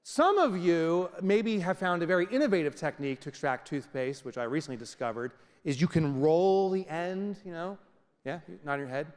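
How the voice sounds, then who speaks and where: A keynote speaker with a fairly high voice and moderate pace delivers a comedic motivational talk to an audience in a large venue. He tells stories animatedly and acts out scenes, and the recording carries the reverb of a big hall.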